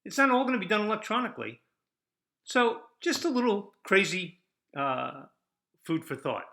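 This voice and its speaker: An older man hosts his own podcast and delivers a combative monologue that keeps firing rhetorical questions at the listener. His voice sits a little high for a man and has a bright, forceful edge. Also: moderate pace, vocal fry. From United States. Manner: combative, rhetorical, lively ups and downs. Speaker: podcast host.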